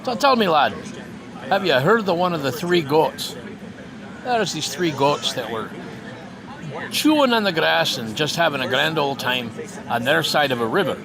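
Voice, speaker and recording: A man's voice: on the high side, expressive, normal speed, vocal fry, long pauses. A man telling a folk tale in a chatty, meandering way, talking straight to his listeners at a castle fair. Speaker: storyteller. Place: outdoors at a busy castle fair. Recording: outdoor crowd noise behind.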